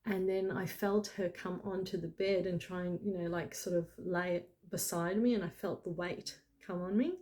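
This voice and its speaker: A woman's voice: on the low side, fairly even intonation, normal speed, few pauses, darkish tone. A middle-aged woman telling a personal story in a casual, chatty way, full of "like" and "you know". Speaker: spiritual channel host.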